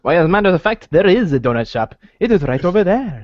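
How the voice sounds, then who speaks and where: A man playing a tabletop game in an animated way. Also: high-pitched, quick pace, no echo. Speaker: player. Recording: dull, dry lo-fi sound.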